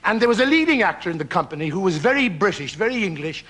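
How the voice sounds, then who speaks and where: A man with an Irish accent, a talk show guest from Ireland, telling a story in an animated, theatrical way and laughing through his words. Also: high-pitched, quick pace, breathy edge. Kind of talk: lively anecdote on a talk show. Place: television studio with audience.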